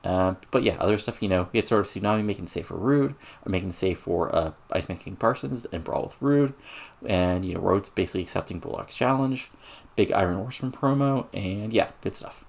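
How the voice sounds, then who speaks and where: A man's voice: low voice, fairly quick, vocal fry. A man casually narrating a wrestling booking game, rambling with lots of fillers as he reads out match results and ratings. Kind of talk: casual let's-play narration.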